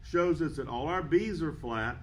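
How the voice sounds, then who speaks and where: A man teaching a band lesson, counting beats aloud and explaining rhythm in a steady, patient way. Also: a little high, a little slow, low-quality recording. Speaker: music teacher.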